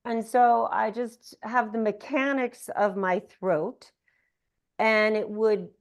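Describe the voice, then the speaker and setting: A woman on a video call teaching Sanskrit pronunciation, showing each consonant sound slowly and deliberately. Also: on the high side, steady tone.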